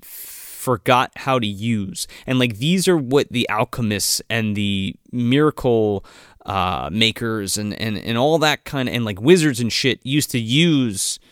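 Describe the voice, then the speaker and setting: A man's voice: medium pitch, measured pace, a bit bright, dry recording, clean studio sound. A man co-hosting a casual podcast, recapping a movie in a rambling, profane way and laughing often. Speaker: podcast co-host. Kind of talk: casual chat recapping a film.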